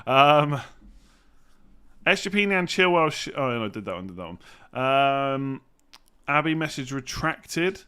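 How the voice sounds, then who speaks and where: A young man from England chats through a live Q&A, wandering between half-finished thoughts. His voice is bright and forward, and his pitch sits right in the middle. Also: very animated, measured pace, long pauses, clean tone. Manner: rambling, thinks aloud, hums while reading. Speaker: fantasy football streamer. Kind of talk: live stream Q&A.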